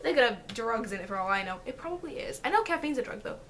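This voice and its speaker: A teenage girl telling stories in a casual home vlog, energetic and giggly, acting out what people said. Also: fairly high pitch, fast, slight background noise. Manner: energetic, animated, acts out quotes, giggly. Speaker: vlogger. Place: bedroom at home.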